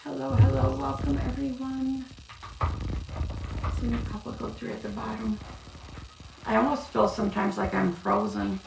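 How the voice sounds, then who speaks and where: A woman reading cards on a live stream, chatting warmly with viewers and calling them love. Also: a little high, little pitch movement, moderate pace, gravelly, pauses often, recorded from a distance. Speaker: card reader. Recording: echoey room, off-mic, noisy.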